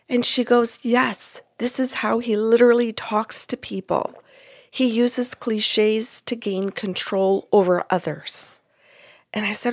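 A woman's voice: medium pitch, fairly even intonation, takes it slowly, no room sound, studio quality. A woman who works as a psychic medium, telling a story in conversation and acting out the dialogue. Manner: retells events with quoted dialogue.

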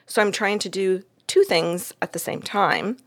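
A woman telling a story from a client session in a casual, animated way, acting out the voices in it and laughing often. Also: mid-range voice, measured pace.

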